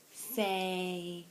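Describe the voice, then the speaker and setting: A young woman, a mother, coaxing her baby to talk in soft, sing-song baby talk on a home video. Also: mid-range voice, a little hiss or hum.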